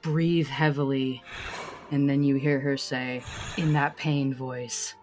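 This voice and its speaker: Low-voiced lady gm narrating slow, soft music under. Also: steady tone. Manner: slow, descriptive second-person narration. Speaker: game master. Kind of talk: narrating a tabletop game.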